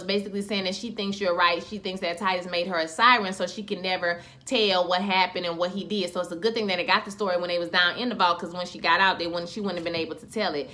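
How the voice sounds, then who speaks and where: A woman giving a casual, animated episode recap, slangy and acting out scenes in quoted voices. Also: medium pitch. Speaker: TV show reviewer.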